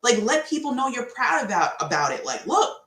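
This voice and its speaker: Slangy woman motivational podcaster, animated delivery, roomy echo. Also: a little high, brisk. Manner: animated, chatty, slangy, laughs often. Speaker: podcast host. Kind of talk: casual motivational talk.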